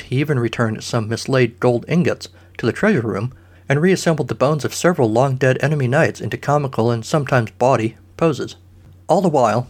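A man narrating a comic story with dry, deadpan asides. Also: mid-range voice.

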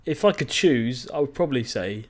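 An easygoing man with a southern English accent, co-hosting a casual podcast in a mid-pitched voice. He chats loosely and laughs along. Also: lively intonation, moderate pace. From England. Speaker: podcast co-host. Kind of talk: casual banter.

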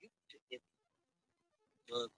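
A man in his thirties hosting a casual podcast, telling profane, animated stories. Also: drawn-out words, no room sound, rough recording. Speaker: podcast host. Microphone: phone.

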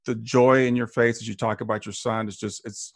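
A man's voice: mid-range voice, level tone, fairly quick, no echo. Male host on a video call, appreciative and stammering, dry close sound. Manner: warm, appreciative, stammering restarts. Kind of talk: interview wrap-up.

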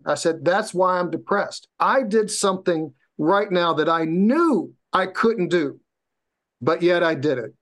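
A man with a slightly high voice, speaking at normal speed, tells a personal story as a guest on a podcast. He's animated, swears freely and acts out what other people said in this casual storytelling.

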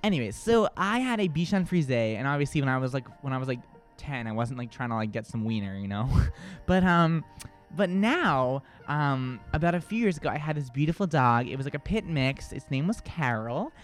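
A man's voice: mid-range voice, animated, a little fast, faint music behind. A man hosting a radio show, chatting casually and rambling with frequent restarts. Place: radio studio. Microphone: studio mic.

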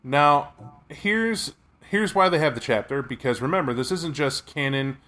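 A man's voice: on the high side, lively intonation, moderate pace, bright, forceful tone. A man co-hosting a casual podcast as a game master, making emphatic, sarcastic rhetorical points. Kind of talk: casual chat.

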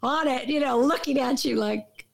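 A woman's voice: high-pitched, normal speed, creaky. A woman talking in a casual, emphatic way, often trailing off and restarting her sentences. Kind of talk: casual conversation. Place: Los Angeles.

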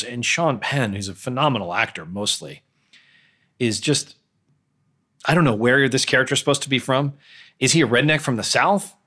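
A man's voice: mid-range voice, fairly bright tone, slightly rough. A man hosting a podcast, talking through films in a blunt, opinionated, conversational way with frequent hesitations. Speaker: podcast host. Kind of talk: casual solo film commentary.

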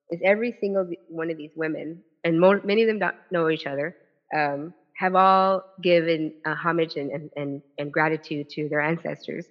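Woman telling her story at a podium. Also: low-pitched. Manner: animated storytelling with quick restarts and quoted dialogue. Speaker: author and former legislator giving a talk. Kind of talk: personal storytelling speech to a live audience. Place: at a podium at a public event. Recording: dull lo-fi event recording.

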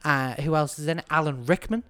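A woman's voice: sits low, fairly quick, a bit bright. Chatty woman hosting a quiz. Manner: chatty, enthusiastic, sings snippets. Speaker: quiz host on a podcast. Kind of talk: casual chat.

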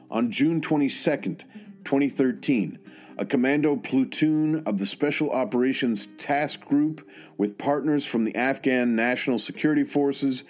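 A man narrating a tribute in an earnest, measured and solemn way, with some hesitant asides. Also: mid-range voice, a little mellow. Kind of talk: scripted narration.

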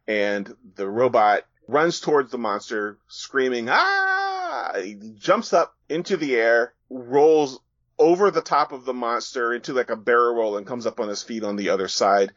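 This podcast guest, a graphic novelist, talks listeners through his comic page by page, casually describing it and using filler words. His voice is medium-pitched at a normal speed, with no echo, in a dull, dry recording.

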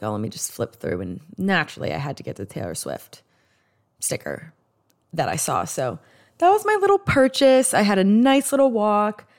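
A woman with a New York accent, from the US East Coast, hosting a podcast in rambling, chatty solo talk with many restarts. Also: fairly low pitch. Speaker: podcast host. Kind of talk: casual solo podcast chat.

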